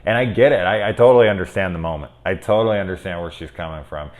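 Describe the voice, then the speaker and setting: A man hosting a casual spoiler film review, excitable and rambling, swearing freely and saying "like" a lot. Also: low voice, fast.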